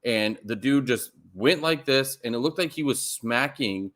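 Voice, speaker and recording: A man's voice: medium pitch, lively intonation, unhurried, fairly bright tone. A man co-hosting a sports podcast, talking in a rambling, emphatic way with many fillers and restarts. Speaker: podcast co-host. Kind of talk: casual sports podcast chat.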